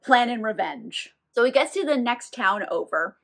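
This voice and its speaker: A chatty woman with a slightly high voice retells a novel's plot in a loose, irreverent way. She swears casually and slips into quick voices for the characters. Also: expressive, creaky, fairly bright tone. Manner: chatty, irreverent, swears freely, acts out quoted lines. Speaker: book reviewer. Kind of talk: casual book recap.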